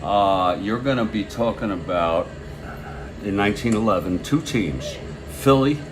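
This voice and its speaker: A man calls a tabletop baseball replay in a relaxed, chatty way, drifting into asides between pitches. He talks slowly, but his voice swings widely in pitch and jumps up with excitement on a big play. A faint hiss of noise sits under his voice. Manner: rambling and easygoing, bursting into excitement on big plays.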